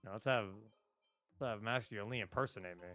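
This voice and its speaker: A man's voice: fairly low pitch, fairly quick, fairly bright tone, soft background music. A young man streaming a video game live, chatting casually, laughing often and swearing now and then.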